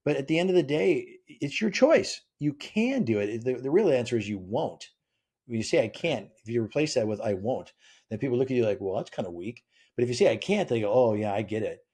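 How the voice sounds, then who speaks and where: A man guesting on a podcast talks with a mellow, slightly husky voice. He tells his points as lively little scenes and slips into the voices of the people he quotes. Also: mid-range voice, a little fast. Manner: animated, acts out quoted voices. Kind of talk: conversational interview.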